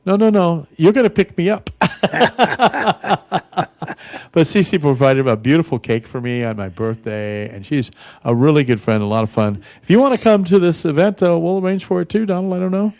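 A man's voice: a little high, expressive, fairly quick, darkish tone, no room sound. A man hosting a casual radio talk show, rambling in a folksy way with many fillers and restarts. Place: radio studio.

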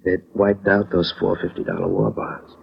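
An actor playing Joe, a proud, wisecracking clerk in a 1940s radio drama, streetwise and quick to argue. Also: male voice, low-pitched, sing-song, vocal fry, slight background noise, exaggerated voice. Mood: rueful. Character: Joe, a scrappy working man, proud and touchy. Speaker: insurance clerk. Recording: dull lo-fi old radio recording.

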